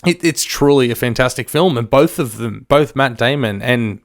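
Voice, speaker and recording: A man with an Australian accent, co-hosting a podcast and chatting excitedly about a film, swearing and jumping in often. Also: medium pitch, moderate pace. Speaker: podcast co-host. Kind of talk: casual film review chat.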